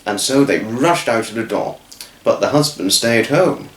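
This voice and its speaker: A man telling a children's story off the cuff, halting and restarting his words. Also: fairly low pitch, echoey room. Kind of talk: improvised storytelling.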